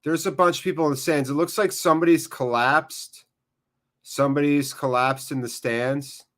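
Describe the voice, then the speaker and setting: A man hosting a live football watchalong, commentating and joking excitably and swearing freely. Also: a little high, moderate pace. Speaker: watchalong host. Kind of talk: live match commentary and chat.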